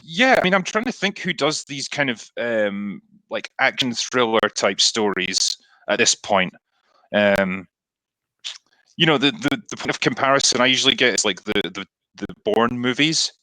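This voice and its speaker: A man's voice: mid-range voice, animated, normal speed, pushed and bright, dry recording, low-quality recording. A man being interviewed as a film reviewer, talking in a thoughtful, reflective way. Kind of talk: casual interview talk.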